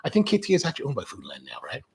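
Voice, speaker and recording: A man's voice: mid-range voice, wildly swooping pitch, racing, creaky, breathy edge. A man hosting a coffee show, chatting casually in a rambling way, drifting off on tangents and restarting his sentences. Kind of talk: casual chat.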